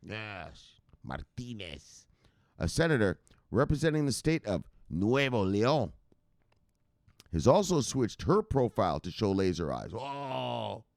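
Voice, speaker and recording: A man's voice: medium pitch, no room sound, studio quality. Rowdy, profane man hosting crypto news. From United States. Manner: loud, laughing, swearing, shouting outbursts. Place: home at night in a city.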